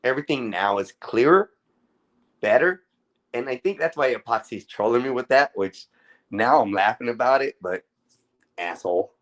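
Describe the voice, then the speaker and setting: A man's voice: mid-range voice, lively intonation, moderate pace, pauses often, a bit bright. A man hosting a casual livestream and talking to his chat, often exasperated, with a lot of swearing. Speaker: livestream host. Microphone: phone.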